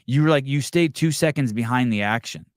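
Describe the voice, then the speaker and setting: A male podcast host in casual chat, ranting in a profane, animated way. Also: mid-range voice, fairly quick, no room sound, clean studio sound.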